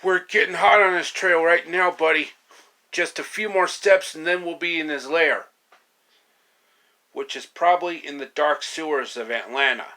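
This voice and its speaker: Bright, gravelly man reading a story. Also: on the high side, moderate pace. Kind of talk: reading an original story aloud with voices.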